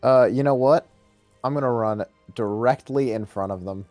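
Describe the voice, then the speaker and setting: A man's voice: medium pitch, normal speed, a little mellow, no room sound, soft background music. A man playing a tabletop game over voice chat, speaking unhurriedly and hesitantly with many ums as he plans his turn. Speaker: player.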